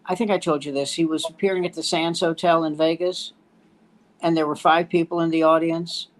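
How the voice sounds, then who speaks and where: A man's voice: fairly high pitch, level tone, a little fast. An older man hosting a casual chat among comedians, telling anecdotes and acting out the voices of the people in them. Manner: storyteller who acts out quoted voices. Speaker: host.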